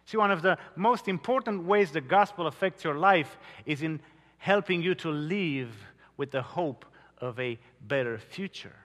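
A man preaching a sermon, telling stories earnestly with dramatic pauses. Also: fairly high pitch, animated, a bit bright. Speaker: pastor. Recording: long hall reverb.

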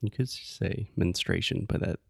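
A man co-hosting a casual English-learning podcast, patiently explaining words and gently correcting. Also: deep voice, normal speed, creaky, husky, dry recording, studio quality. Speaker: podcast co-host. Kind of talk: casual chat teaching English.

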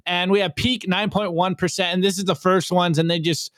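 High-pitched energetic male host. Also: fairly quick, dry recording, clean studio sound. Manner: energetic, repeats words when starting sentences. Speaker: podcast host. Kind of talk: casual meme review chat.

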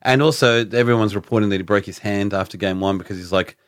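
A man's voice: on the low side, fast talker, dry recording, studio quality. A man co-hosting a casual sports chat, enthusiastic and rambling. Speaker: podcast co-host.

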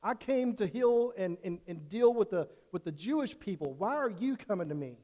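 A preacher voicing Jesus, higher, in a reverberant hall. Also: male voice, wildly swooping pitch, very fast, warm tone, slightly rough, full character voice. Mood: challenging. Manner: plain conversational retelling. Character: Jesus questioning a pleading woman, adult male. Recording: long church-hall reverb.

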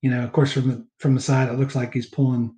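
A man's voice: mid-range voice, little pitch movement, dark tone. Chatty man, echoey room. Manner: rambling, recaps scenes with fillers and quick laughs. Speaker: podcast co-host. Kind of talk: casual movie commentary chat.

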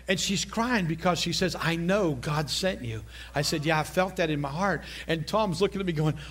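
Middle-aged male preacher, high-pitched, conversational and animated from the pulpit. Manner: storytelling preacher, animated, repeats phrases, quick asides. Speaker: pastor. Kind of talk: sermon.

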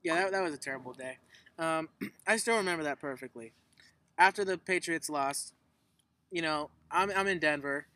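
Bright-voiced man talking sports. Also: on the high side, normal speed, low-quality recording. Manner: profane, storytelling, emphatic. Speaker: podcast co-host. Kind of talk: casual sports chat.

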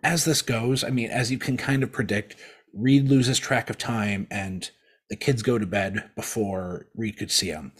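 A man's voice: fairly low pitch, fairly even intonation, measured pace, slightly rough. A man co-hosting a podcast, casually telling a long story, rambling with restarts and acting out the quotes. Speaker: podcast co-host.

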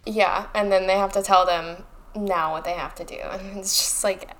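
A woman co-hosting a podcast, ranting in an animated, sarcastic way about a book. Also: mid-range voice, normal speed. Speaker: podcast co-host. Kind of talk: casual book discussion.

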